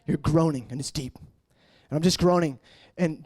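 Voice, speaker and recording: A man in his late twenties preaching an emotional personal testimony, shifting between hushed murmurs and raised, intense passages. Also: a little slow, few pauses. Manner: earnest, swinging from hushed murmurs to raised, high-pitched intensity.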